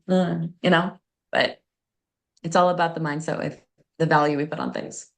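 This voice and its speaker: A woman's voice: deep voice, steady tone, normal speed, vocal fry, pauses often. A woman, a guest transformation coach, chatting casually on a podcast, telling stories with frequent laughs and acting out quoted lines.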